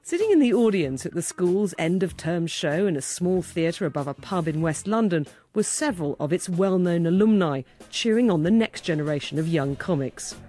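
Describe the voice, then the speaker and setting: A woman presenting a radio arts program, asking measured conversational questions and narrating. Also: fairly low pitch, animated, mellow, soft background music.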